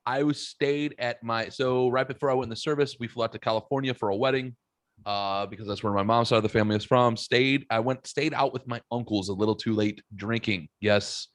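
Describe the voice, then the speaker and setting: A man's voice: medium pitch, steady tone, a little fast, no room sound, clean studio sound. A man hosting a podcast, telling rambling stories in casual chat and swearing freely. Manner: rambling, profane storyteller. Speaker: podcast host.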